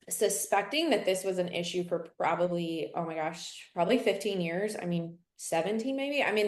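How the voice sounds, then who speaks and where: A young woman, a podcast guest speaking earnestly, with soft fillers. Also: fairly low pitch. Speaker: assistant coach, podcast guest. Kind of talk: casual podcast chat. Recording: roomy echo.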